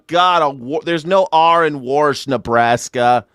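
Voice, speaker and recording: A man's voice: on the high side, unhurried, a bit bright, clean tone, no room sound, studio quality. A young man hosting a news reaction show, sarcastic and joking, swearing freely. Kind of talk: comedic news reaction commentary.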